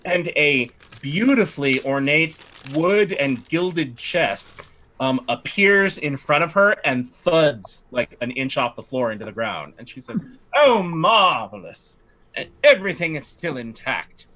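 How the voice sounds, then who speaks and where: Bright, animated male game master. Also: medium pitch. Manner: lively, halting with fillers. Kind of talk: narrating a tabletop game.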